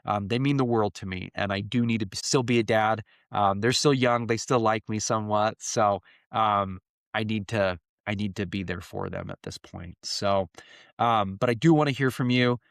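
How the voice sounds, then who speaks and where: A man's voice: lowish voice, moderate pace, vocal fry, no room sound, clean studio sound. A man in his thirties hosting a podcast in a casual solo monologue, talking earnestly and rambling with many fillers. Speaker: podcast host.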